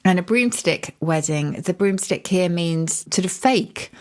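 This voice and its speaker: A middle-aged woman co-hosts a podcast with a notably low voice. She explains word origins in a thoughtful, lively way and leans on words for emphasis. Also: a little slow. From Yorkshire. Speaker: podcast co-host.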